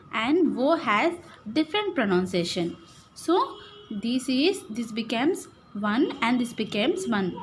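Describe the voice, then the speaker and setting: High-voiced Indian English woman teaching. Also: slight background noise. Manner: slow, repetitive, checks understanding with "right?" and "okay". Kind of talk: classroom lesson, explaining syllables.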